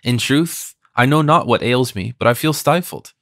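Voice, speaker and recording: A man reading an audiobook, voicing a shy young woman with a soft, hesitant way of speaking. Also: mid-range voice, normal speed, no room sound, clean studio sound, close to an everyday voice. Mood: timid. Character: shy, tender young woman close to tears.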